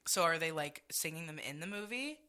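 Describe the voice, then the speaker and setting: A woman podcast co-host with a fairly low voice that still rings bright and forceful. She chats casually and bluntly, swearing and laughing freely. Her reactions land with an expressive edge. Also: brisk, clear, resonant tone. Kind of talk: casual chat.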